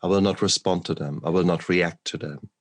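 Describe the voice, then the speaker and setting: A man hosts a podcast and speaks with a very low voice. He talks slowly and deliberately and repeats phrases for emphasis. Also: fairly even intonation. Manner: measured, deliberate, with repeated resolutions. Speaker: podcast host, physician. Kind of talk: reflective conversational talk.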